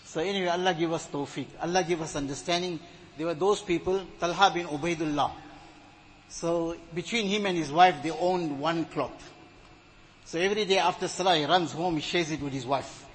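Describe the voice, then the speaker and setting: A man's voice: a little high, a little fast, a little hiss or hum, low-quality recording. A man preaching a sermon, earnest and exhorting, telling stories with retold dialogue.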